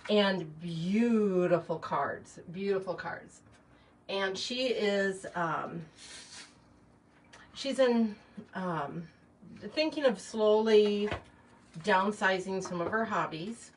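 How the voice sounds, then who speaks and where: A woman's voice: mid-range voice, fairly bright tone. A middle-aged woman talks in a loose, rambling way, full of ums and side stories, her voice in a plain middle range. She sits a little back from the microphone, with a faint hiss underneath. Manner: rambling, chatty storyteller with many fillers. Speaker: shop owner hosting a live chat. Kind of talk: casual chat while arranging flowers. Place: small shop or home workspace, indoors. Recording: distant mic, faint background noise.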